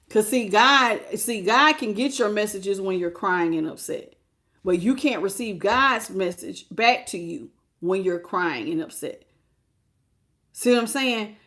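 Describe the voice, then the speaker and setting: A woman's voice: medium pitch, fairly bright tone. A woman tarot reader giving a preachy, emphatic spiritual pep talk in casual, repetitive speech.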